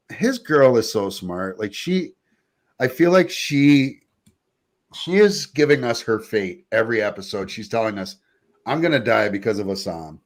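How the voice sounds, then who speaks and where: Laughing male podcast host. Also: medium pitch. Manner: laughs often while retelling scenes. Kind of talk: casual review chat.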